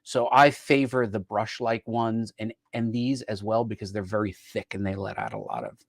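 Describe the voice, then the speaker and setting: A man's voice: on the low side, lively intonation, moderate pace, vocal fry, no echo. A male host in a casual chat, upbeat and playful, with frequent fillers and hesitations. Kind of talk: casual chat about gifts.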